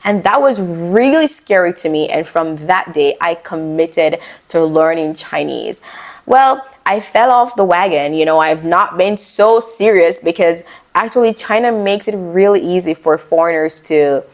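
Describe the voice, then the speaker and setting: A young adult woman vlogger telling a personal story in a casual, expressive, animated way. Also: fairly low pitch, a little slow.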